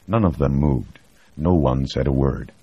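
Very deep, husky male narrator. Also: measured pace, no room sound. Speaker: audiobook narrator. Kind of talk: scripted narration. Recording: dry, dull lo-fi recording.

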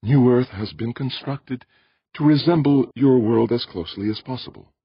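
A man voicing a calm, courteous alien elder who explains patiently and placidly. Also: mid-range voice, a little slow, slightly rough, no room sound, highs cut off, voice pushed up, full character voice. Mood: calm, placating.

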